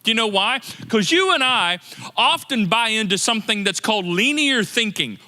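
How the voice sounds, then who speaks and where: Animated high-voiced preacher, bright hall. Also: male voice, clear, resonant tone. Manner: animated, conversational preaching with quoted inner voices. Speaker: pastor. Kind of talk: sermon. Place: church sanctuary.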